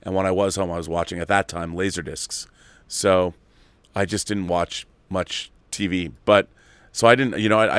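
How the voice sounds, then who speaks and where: A man's voice: deep voice, vocal fry, a bit bright, no echo. A middle-aged man hosting a live show, chatting casually and nostalgically as he reads viewer questions, rambling with many restarts. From Seattle area. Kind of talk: casual live-stream chat.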